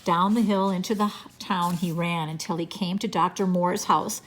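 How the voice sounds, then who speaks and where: A woman reading a children's chapter book aloud in a gentle, unhurried storytelling manner. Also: on the low side, fairly even intonation, slight background noise. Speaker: reader.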